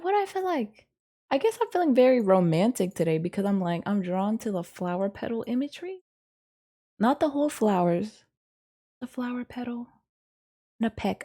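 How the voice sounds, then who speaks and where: With a medium-pitched, dark voice, this woman instructor rambles through a casual lesson, reasoning aloud hesitantly, often saying "um" and correcting herself.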